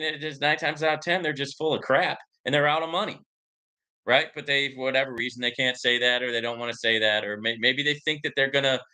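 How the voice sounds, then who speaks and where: Bright-voiced, rambling male host. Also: mid-range voice. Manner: rambling, many fillers, addresses viewers as guys. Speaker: crypto investment show host. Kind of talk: casual live-stream commentary.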